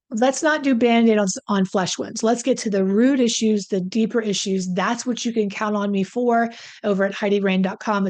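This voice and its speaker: A woman's voice: mid-range voice, a little mellow. A woman coach talks straight to her viewers in a conversational, emphatic way. She often throws in self-deprecating asides as she gives her advice. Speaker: relationship coach. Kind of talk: direct-to-camera advice talk.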